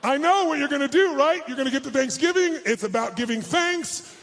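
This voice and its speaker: A man giving a high-energy motivational seminar to a live crowd in a large hall. He barks instructions, quizzes the audience and swears bluntly. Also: animated, fairly quick, fairly bright tone, slight background noise. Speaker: motivational speaker.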